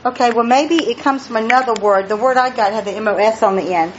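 Speaking fast and fairly high, a woman preaches a Bible study sermon, drawing her words out emphatically, questioning her listeners and exclaiming praise. The recording is dull and lo-fi, with faint noise.

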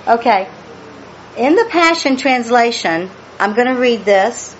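A woman's voice: fairly high pitch, animated, a little slow, muffled recording, a little hiss or hum. A woman leading a Bible study, reading scripture aloud, explaining it and repeating key phrases for emphasis.

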